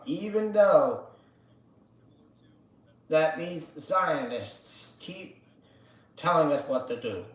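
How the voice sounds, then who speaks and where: A man hosts a casual livestream and talks at a slow, drawn-out pace. His voice sits a little high, and he swears freely and chants slogans. The room around him is echoey. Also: animated. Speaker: livestream host. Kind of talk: casual political livestream rant.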